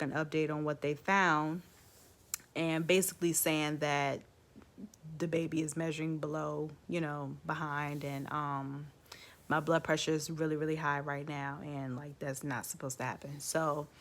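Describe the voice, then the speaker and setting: A woman's voice: sits low, steady tone, unhurried. A woman vlogger casually telling her own story to the camera, chatty, with lots of "like" and "um".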